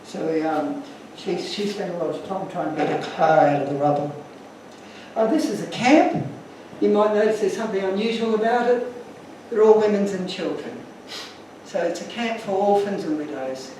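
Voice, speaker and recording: Aussie guy giving a heartfelt talk, higher voice, lots of hall echo, mic far away. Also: moderate pace, darkish tone, a little hiss or hum. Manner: earnest, emotional storyteller. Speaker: guest speaker. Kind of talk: public talk with slides.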